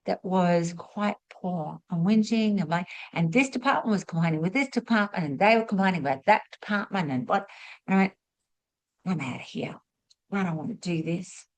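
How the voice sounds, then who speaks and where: A middle-aged woman, talking straight to camera in a mid-range voice. She is chatty and expressive, and she acts out small snippets of speech to make her point. The delivery is that of a motivational spiritual teacher. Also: medium pitch, rough recording. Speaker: spiritual teacher hosting a masterclass.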